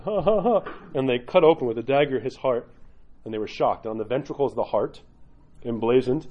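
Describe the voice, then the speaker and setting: Priest guy, lively storyteller, keeps asking "right?", chatty teaching vibe. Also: mid-range voice, breathy edge. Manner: animated storyteller, often asks "right?". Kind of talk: informal teaching talk.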